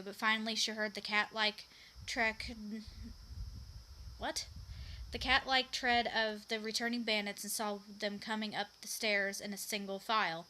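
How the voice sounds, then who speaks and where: Bright woman reading, stumbling often. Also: on the high side, low-quality recording. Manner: stumbles, restarts and repeats words. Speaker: reader. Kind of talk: reading a story aloud.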